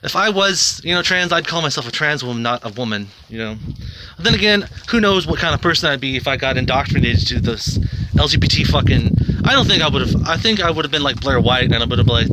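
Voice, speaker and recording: A man's voice: medium pitch, animated, fairly quick, heavy background noise. A man rambling bluntly to camera in a casual monologue, swearing a lot. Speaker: video host.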